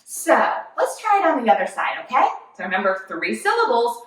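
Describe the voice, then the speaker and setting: A young woman guides children through yoga with a cheerful, encouraging, sing-song delivery. Her high voice leaps all over as she talks. She is heard from some distance in a very echoey room. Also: sing-song, a little fast. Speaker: kids yoga teacher. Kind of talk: children's yoga class instruction.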